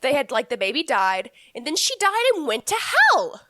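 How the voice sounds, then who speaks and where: A woman's voice: a little high, big pitch swings, moderate pace, sharp tone, no echo. Chatty young woman co-hosting a podcast. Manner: chatty, frank, laughs often. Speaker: podcast co-host. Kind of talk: casual podcast chat.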